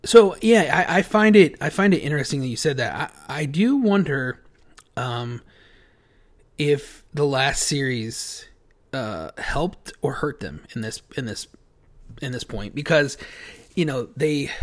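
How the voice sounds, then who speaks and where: A man's voice: mid-range voice, animated, unhurried. A man co-hosting a casual sports chat who rambles and repeats his words. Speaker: podcast co-host.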